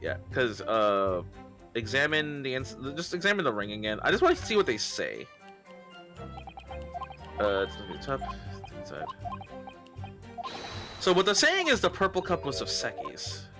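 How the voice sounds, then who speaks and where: A man's voice: medium pitch, huge pitch swings, normal speed, long pauses, music in the background. A man casually playing and talking through a courtroom game with a co-player, crude and joking. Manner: crude and joking, swears often. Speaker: streamer.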